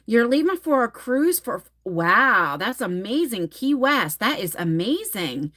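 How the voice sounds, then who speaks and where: A woman's voice: fairly high pitch, big pitch swings, a little slow, fairly bright tone. A woman in her forties chatting on a live stream, reading comments and telling stories dramatically, swearing casually. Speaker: livestream host.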